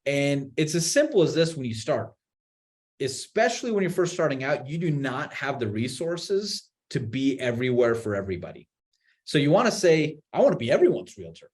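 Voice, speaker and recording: A man on a video call webinar, explaining real estate marketing in an animated way, with many restarts and repeated words. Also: mid-range voice, moderate pace. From Utah. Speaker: marketing executive guest.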